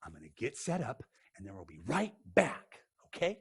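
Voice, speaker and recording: A man teaching a playful science demo for kids, goofy and excitable, joking as he goes. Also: mid-range voice, moderate pace, husky.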